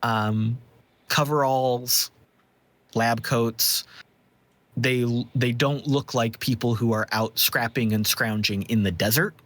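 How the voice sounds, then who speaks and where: Casting note: male game master, slow deliberate narration, dry close sound. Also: medium pitch, fairly even intonation, fairly bright tone, no room sound. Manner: measured, descriptive, with filler ums.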